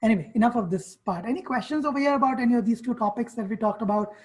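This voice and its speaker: A woman with a fairly high voice leads an online workshop on college essays. She talks directly, firing off questions and commands at the students as she goes. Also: very fast, low-quality recording.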